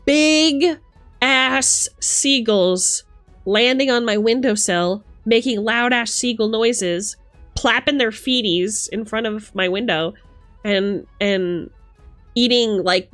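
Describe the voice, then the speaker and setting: A young woman streamer chatting casually with her viewers, animated, laughing and swearing freely. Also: medium pitch. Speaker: livestreamer.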